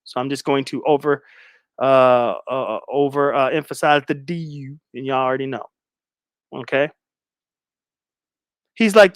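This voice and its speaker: A man's voice: medium pitch, measured pace, pauses often, no room sound, clean studio sound. A man hosting a stream and giving casual, blunt, profane reaction commentary. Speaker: streamer host.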